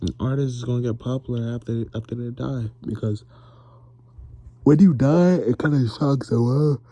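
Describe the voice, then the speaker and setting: Man, sleepy late-night bedroom monologue, very mellow and dark, rambling and drowsy. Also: medium pitch, moderate pace, no echo, lo-fi sound. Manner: rambling and drowsy, drifting into near-whispers. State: sleepy, yawning. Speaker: vlogger. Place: bedroom, lying in bed.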